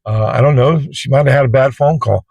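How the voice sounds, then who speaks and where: A man's voice: mid-range voice, a little fast, vocal fry, a little mellow, husky, dry recording. A man who drives for a ride service, telling a story to camera in a casual, colloquial, rambling way from inside his parked car. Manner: plain-spoken, colloquial, rambling. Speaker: Uber driver and vlogger.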